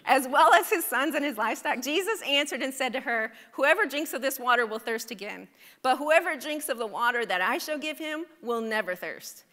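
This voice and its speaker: A woman preaches to her congregation in a chatty, animated way, often turning to them with a quick question. Her voice is high and bright. It rings with the long reverb of a large church hall. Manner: animated, conversational, asks the congregation "right?". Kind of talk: sermon. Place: church sanctuary. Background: congregation responding.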